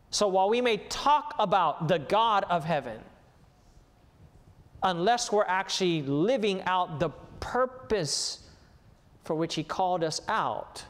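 A man's voice: fairly high pitch, fairly bright tone. A man preaching a sermon, emphatic and rising to a raised voice as he reads scripture. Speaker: pastor. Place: church sanctuary. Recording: livestreamed church sermon with long hall reverb.

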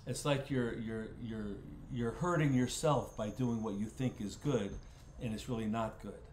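A man's voice: medium pitch, fairly even intonation, normal speed, a little mellow, a little hiss or hum. Folksy man teaching Bible study in a roomy space. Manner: folksy, repeats words while thinking aloud. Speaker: pastor leading a Bible study. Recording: roomy echo.

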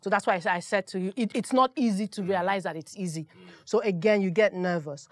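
Lively woman sports presenter. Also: medium pitch, quick pace. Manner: animated, self-deprecating storytelling. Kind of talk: roundtable discussion.

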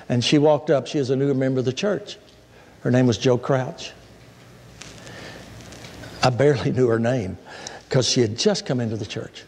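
A male pastor preaching a sermon in a church, telling stories in a folksy, animated way. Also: fairly high pitch, normal speed, long pauses. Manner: storytelling, folksy, animated asides. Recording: echoey church hall.

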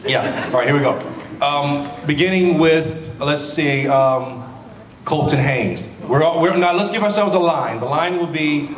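A man's voice: a little high, moderate pace. A man chatting as a guest on a convention panel, telling stories with a joking, laughing manner. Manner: jokey, laughing, storytelling. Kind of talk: casual convention panel chat. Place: large convention hall. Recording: echoey hall with crowd noise.

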